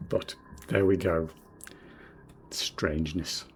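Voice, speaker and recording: A man in his forties from Northeast England with a southern English accent, streaming a game in casual commentary, rambling and self-deprecating, muttering quiet asides to himself. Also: sits low, fairly even intonation, takes it slowly, slight background noise. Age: 40s. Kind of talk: casual game commentary while reading chat.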